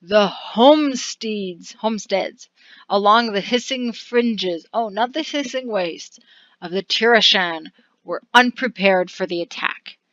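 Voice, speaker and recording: A woman's voice: mid-range voice, slow, fairly bright tone, no echo, dull audio. A woman casually narrating a video game, reading its text aloud with chatty asides and frequent laughs. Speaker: let's-play narrator.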